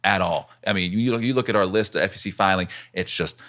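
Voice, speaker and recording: A man's voice: low-pitched, fast talker, fairly bright tone. A man being interviewed as a political candidate on a podcast, speaking earnestly in a campaign style. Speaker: congressional candidate, guest.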